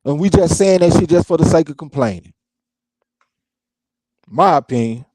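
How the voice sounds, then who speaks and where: A man's voice: a little high, lively intonation, moderate pace, dark tone, dry recording, poor audio. Blunt, profane man, dry close sound. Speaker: co-host of a boxing talk stream. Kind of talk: casual chat.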